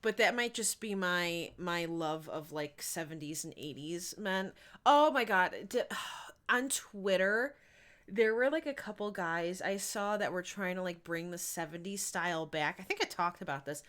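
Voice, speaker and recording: Slow-talking, giggly woman streamer. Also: fairly low pitch, lively intonation, fairly bright tone. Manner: chatty, giggly, rambling. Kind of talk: casual live-stream chat while gaming.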